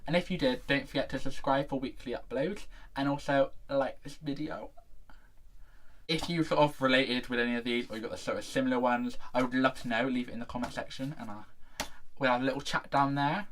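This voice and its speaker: A man's voice: mid-range voice, fairly even intonation, fairly quick, a little hiss or hum. Young English guy, chatty camp vlogger talking to camera. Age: young adult. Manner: chatty, camp, jokey asides. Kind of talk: casual to-camera vlog.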